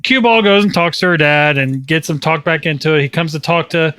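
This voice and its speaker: Male podcast co-host, high bright voice, laughs a lot, dry mic. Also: a little fast, clear, resonant tone, dry recording. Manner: laughs often, loose run-on retelling. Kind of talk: casual film review chat.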